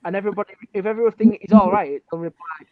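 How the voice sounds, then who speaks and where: A man's voice: sits high, rapid-fire, phone-quality sound, crowd noise. A man with a Hull accent who drops his H's, a chatty storyteller who is a guest on the show. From Hull, England. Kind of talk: casual chat.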